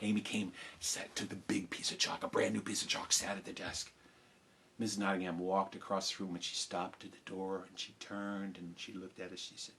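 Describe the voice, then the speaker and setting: A man telling a story with big swings from loud to hushed. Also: low-pitched, level tone, normal speed, gravelly, slightly rough. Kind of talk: animated storytelling. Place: home, live stream.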